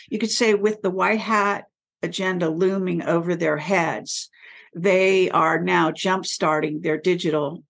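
A woman guest in an interview, speaking in a measured way and pausing often with fillers. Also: lowish voice, creaky. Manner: measured, pauses with many fillers. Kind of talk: interview conversation.

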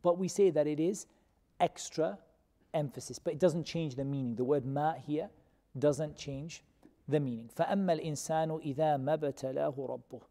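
A man's voice: a little high, dark tone. Man teaching with a long hall reverb. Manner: questions the students and repeats key terms slowly. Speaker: religious teacher. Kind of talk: Quran commentary class.

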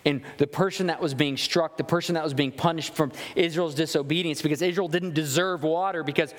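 A male pastor preaching a sermon, reading scripture and acting out quoted voices with big swings in pitch. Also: fairly even intonation, a little fast. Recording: long hall reverb.

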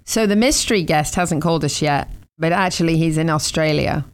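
A woman's voice: low-pitched, brisk. A woman with an English accent hosting a casual talk show, chatty and laughing often. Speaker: host.

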